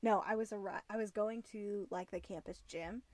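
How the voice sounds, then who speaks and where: A young woman, co-hosting a podcast and telling stories in an animated, casual way. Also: normal speed, dry recording. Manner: animated storyteller, acts out nervous high squeaks. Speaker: podcast co-host. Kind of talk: casual chat.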